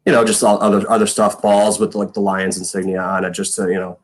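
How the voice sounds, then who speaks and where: A man's voice: on the low side, completely flat delivery, quick pace. A man in his thirties, a former punter guesting on a podcast, telling stories in a rambling way full of fillers and quoted lines. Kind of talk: casual storytelling chat.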